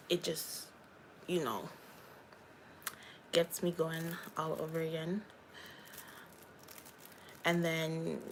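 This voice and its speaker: A woman's voice: low-pitched, gravelly, a little hiss or hum, low-quality recording. A young woman, a YouTuber and hairstylist, chatting candidly on a livestream and talking straight to her viewers. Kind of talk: casual livestream chat.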